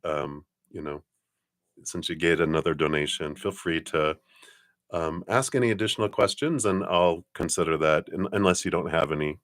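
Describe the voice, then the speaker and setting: Deep-voiced middle-aged guy doing live card readings, chatty, keeps chuckling and clearing his throat. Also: normal speed, a bit bright. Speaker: tarot card reader hosting live stream. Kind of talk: casual live-stream chat.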